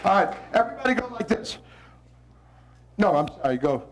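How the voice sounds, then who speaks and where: Man, visiting poet from New Orleans, lively swooping delivery, theatrical call-and-response, faint crowd behind. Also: high-pitched, brisk. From New Orleans, United States. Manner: theatrical, animated, cues lines for the audience to repeat. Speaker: visiting poet leading children and adults. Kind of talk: call-and-response poetry performance. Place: school hall with a live audience. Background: faint audience voices repeating lines.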